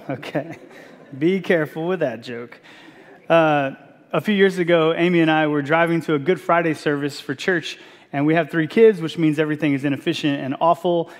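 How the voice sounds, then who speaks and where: A man's voice: a little high, in a large hall. A man preaching a sermon as pastor, telling a funny personal story with self-mocking asides. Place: church sanctuary.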